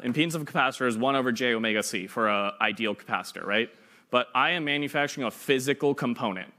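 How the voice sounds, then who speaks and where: A man's voice: mid-range voice, bright, forceful tone. A young man giving an informal classroom lecture, chatty and fond of playful analogies, often checking in with "right?". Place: lecture room.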